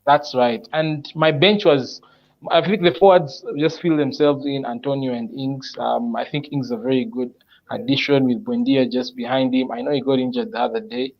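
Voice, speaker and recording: A man's voice: mid-range voice, fairly even intonation. Man talking through ideas, muffled audio. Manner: thinks aloud, explains picks step by step with many pauses. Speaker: panelist presenting his fantasy football team. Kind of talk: casual online chat.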